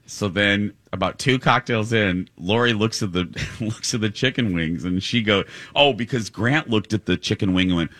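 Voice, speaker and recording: A man co-hosting a radio show, telling a lively story and mimicking high voices. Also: normal speed, few pauses, dry recording. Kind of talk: storytelling banter.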